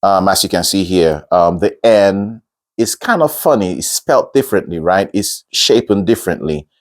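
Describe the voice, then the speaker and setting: A man teaching singing, who explains patiently step by step, repeats words slowly and breaks into short sung examples. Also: low-pitched, animated. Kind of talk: instructional talk.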